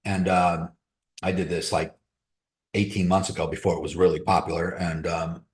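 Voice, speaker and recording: A man's voice: low voice, level tone, moderate pace, roomy sound. A man hosting a crypto trading webinar, giving blunt, motivational advice in casual live-stream talk. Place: room on a video call.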